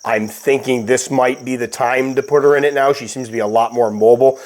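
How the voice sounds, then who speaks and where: A man with a slightly stuffy voice, calmly narrating a casual update about caring for his pet tarantula. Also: mid-range voice, a little fast. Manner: calm, explanatory, patient. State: stuffy, recovering from illness. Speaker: tarantula keeper and channel host.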